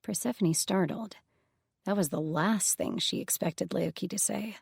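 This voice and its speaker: A woman narrating a fantasy audiobook in a measured, even storytelling manner, recorded on a close microphone. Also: mid-range voice, gravelly, slightly rough, no echo.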